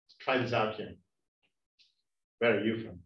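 A man's voice: on the low side, unhurried. A man from India giving a humorous speech to an audience, playfully teasing listeners with questions. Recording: roomy, distant, dull sound.

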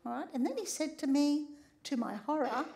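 A middle-aged woman, a sex therapist and doctor, gives a humorous public talk. She tells stories in a lively way and often checks in with "all right?". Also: high voice, moderate pace, creaky.

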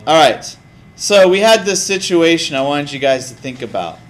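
A man teaching a class in a lively, casual way, often putting questions to the students. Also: fairly high pitch, normal speed. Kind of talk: classroom lecture.

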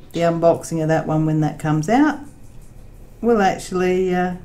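A woman chatting casually with her viewers, with many fillers, sometimes talking to her dog in a high baby voice. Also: warm tone. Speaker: craft vlogger. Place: home laundry room. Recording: echoey room with faint noise.

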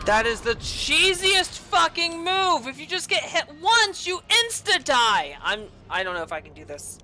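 A young woman hosting a gaming channel, giving raging gameplay commentary, swearing and yelling in frustration. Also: high voice, sing-song, unhurried.

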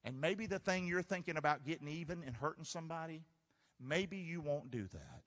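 Male pastor, animated call-and-response preacher; fairly high, bright voice heard in a hall with long reverb. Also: a little fast. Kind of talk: sermon. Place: church sanctuary.

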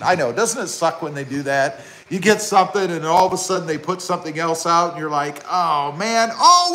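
A man with a high, bright voice hosts a live stream. He talks casually and excitably, reads viewers' comments aloud and adds chatty asides. His pitch swings widely as he goes. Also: rough recording. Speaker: YouTube car channel host.

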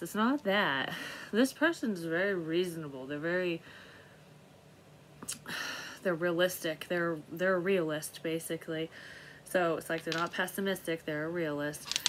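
A woman's voice: on the low side, animated, normal speed, fairly bright tone, a little hiss or hum. Rambling, profane woman reading tarot. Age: middle-aged. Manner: profane, rambling, laughs at herself. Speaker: tarot reader. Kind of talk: casual intuitive reading.

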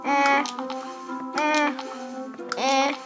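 A hyper child narrates a life-sim game with a high, bright voice. The kid teases and chatters at an unhurried pace. Game music plays clearly underneath. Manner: hyper and excitable, teasing. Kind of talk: let's-play commentary.

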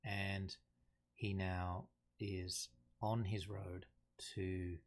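A man giving an unhurried, thoughtful lesson on a play, reading quotations aloud plainly. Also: low voice, level tone. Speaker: teacher explaining a play. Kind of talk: casual explanatory lesson.

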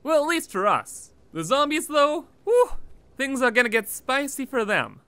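High, lively gaming commentator man. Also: normal speed, a little hiss or hum. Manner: playful, laughing, hyped. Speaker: gaming YouTuber. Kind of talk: casual gameplay commentary.

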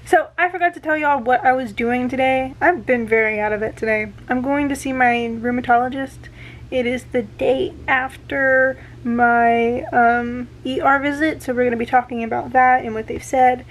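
A young woman with a high, light voice talks straight into a handheld camera at home. Her chat is casual and meandering, full of ums and restarts, and she sounds a little out of breath. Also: fairly even intonation, normal speed, slight background noise. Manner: chatty, rambling with many fillers and restarts. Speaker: vlogger. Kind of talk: casual vlog.

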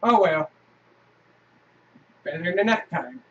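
A man's voice: high-pitched, expressive, slow pace. A man commentating his horror game playthrough, cursing and venting frustration at the game. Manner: frustrated, swearing, shouting at the game. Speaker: gameplay video host. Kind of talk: casual let's play commentary. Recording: distant lo-fi mic.

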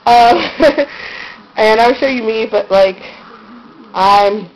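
A woman's voice: fairly high pitch, takes it slowly, a little mellow, poor audio. A woman giving a rambling, giggly tour of her bedroom, recorded on a handheld camera's built-in mic. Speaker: vlogger giving a room tour. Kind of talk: casual handheld room-tour chat. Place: her own bedroom, indoors.

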